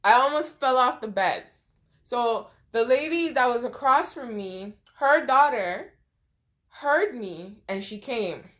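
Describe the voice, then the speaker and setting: A woman's voice: on the high side, lively intonation, slow pace, fairly bright tone. Woman telling an emotional personal story. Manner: conversational, frequent "you know" asides; emotional, close to tears at times. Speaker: vlogger. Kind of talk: casual storytime.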